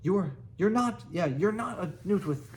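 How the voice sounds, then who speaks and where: A man's voice: high-pitched, animated, a little slow, a little hiss or hum, voice pushed up. A man voicing an anxious young Viking boy who pleads with his dragon. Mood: coaxing. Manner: pleading, urgent.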